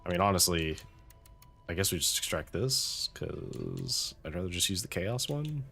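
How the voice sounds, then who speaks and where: Low-voiced man narrating his gameplay. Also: normal speed, gravelly, soft background music. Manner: relaxed thinking aloud, wry asides. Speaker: let's-play host. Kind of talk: casual gameplay commentary.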